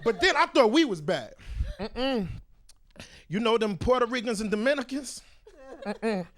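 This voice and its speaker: A male stand-up comedian on a club stage, telling animated stories straight to the crowd through a handheld mic. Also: very high voice, unhurried. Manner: boisterous, animated storytelling, direct to the crowd.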